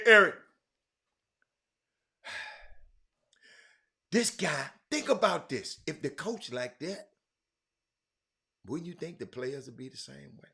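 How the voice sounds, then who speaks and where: A man hosting a sports talk show, speaking emphatically, swinging between loud outbursts and low asides. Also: very animated, slow, creaky, long pauses. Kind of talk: animated sports talk commentary.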